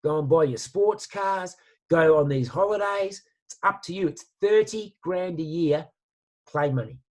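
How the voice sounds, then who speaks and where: A man giving an animated motivational talk and telling stories with casual slang. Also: high voice, unhurried. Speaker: guest speaker.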